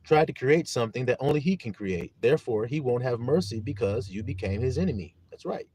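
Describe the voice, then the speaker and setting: A man's voice: medium pitch, expressive, brisk, a little mellow, breathy edge. A man preaching a sermon on a live stream, emphatic and often asking listeners whether they understand. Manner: emphatic, repeats questions to listeners; greets viewers in chat. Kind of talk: livestream sermon.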